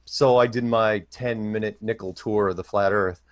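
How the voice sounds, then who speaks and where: A man's voice: on the low side, steady tone, normal speed, dry recording. A man telling a rambling, jokey anecdote, acting out the other people's lines. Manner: rambling, jokey, acts out quotes. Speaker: podcast host telling a story. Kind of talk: anecdotal storytelling.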